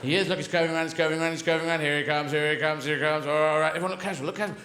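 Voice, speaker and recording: A man's voice: a little high, fairly even intonation, racing, very noisy, lightly acted. A man voicing a clever, scheming male dog who bosses the other dogs in a live stand-up show. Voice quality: conspiratorial, bossy. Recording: echoey live venue, loud audience.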